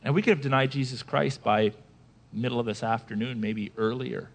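A man preaching a sermon as pastor, animated, asking his listeners questions and acting out quoted voices. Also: medium pitch, normal speed, gravelly.

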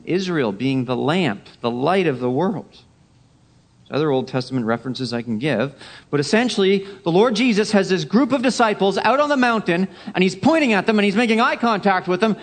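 A man preaching a Sunday sermon, emphatic, repeating key phrases and dropping to a hush for effect. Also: sits high. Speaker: pastor.

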